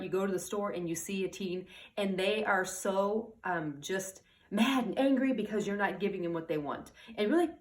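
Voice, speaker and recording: A woman talking as a parenting coach in a casual advice monologue. She rambles, restarts her sentences and keeps checking in with "okay?" and "all right?". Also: medium pitch.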